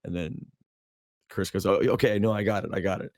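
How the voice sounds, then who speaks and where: A man's voice: lowish voice, brisk, darkish tone, no room sound, clean studio sound. A man co-hosting a podcast, telling a long story in casual chat, rambling with lots of fillers and restarts. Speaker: podcast co-host.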